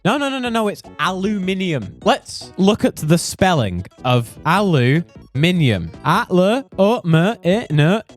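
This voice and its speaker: A young British man rants with mock outrage, his voice swinging widely in pitch and sitting a bit high. He exaggerates and swears for comic effect in a streamer's commentary. Faint music plays underneath. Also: very animated, slow pace. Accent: British English. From United Kingdom. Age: young adult. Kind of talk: comedic ranting commentary.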